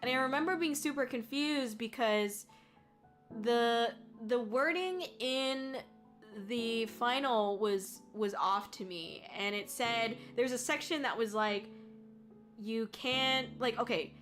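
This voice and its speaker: A young woman streamer telling a story in casual chat, rambling with many fillers and restarts, laughing often and getting loud when excited. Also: a little high, takes it slowly. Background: faint background music.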